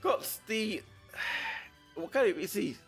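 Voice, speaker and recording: A man's voice: high-pitched, expressive, takes it slowly, a bit bright, soft background music. A man from the UK, chatting casually and rambling as he streams a game as a VTuber. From United Kingdom. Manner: rambling, chatty, with frequent restarts. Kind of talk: casual gameplay commentary.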